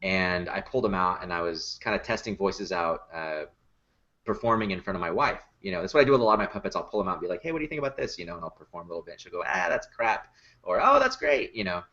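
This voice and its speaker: A man's voice: low voice, fast talker, a bit bright, muffled recording. A man who builds and performs puppets, telling stories in a casual podcast chat, with easy laughs and many fillers. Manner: laughs easily, chatty storytelling with many fillers.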